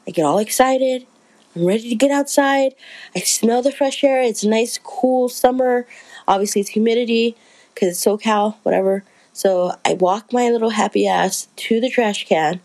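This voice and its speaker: A woman's voice: fairly low pitch, darkish tone, low-quality recording. A woman vlogger telling a story to her viewers in a rambling, chatty, self-mocking way.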